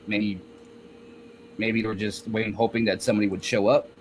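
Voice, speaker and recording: Halting man telling a story. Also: on the low side, level tone, a little hiss or hum. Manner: halting, many restarts and fillers, storytelling. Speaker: guest rapper. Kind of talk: casual interview chat.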